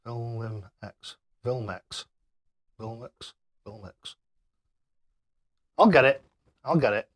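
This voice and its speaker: Speaking slowly with long pauses, this older man has a mid-range voice. He's reading chat messages aloud and throwing darts on a casual livestream, laughing a lot and fumbling tricky names.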